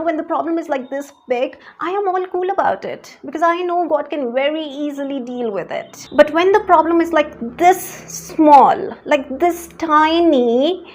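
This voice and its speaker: A woman with a high voice speaks earnestly about her faith in a personal testimony. She often repeats her words while she searches for the right ones. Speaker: faith vlogger.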